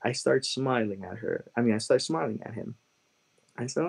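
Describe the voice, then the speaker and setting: Low-voiced man sharing his testimony. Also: vocal fry, a little mellow, breathy edge, rough recording. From Chicago, USA. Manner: earnest, halting, with many "like" and "you know" fillers. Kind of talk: personal testimony storytelling.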